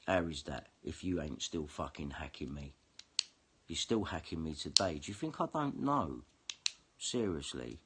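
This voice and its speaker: A man's voice: deep voice, breathy edge. A man ranting angrily and swearing in a monologue to camera. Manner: heated, sweary, confrontational. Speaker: vlogger.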